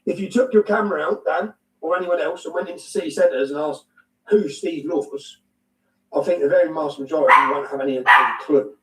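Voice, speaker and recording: Emphatic English man, echoey and distant. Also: fairly high pitch. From England. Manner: emphatic, repetitive, blunt, swears. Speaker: interview guest. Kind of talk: heated conversational interview.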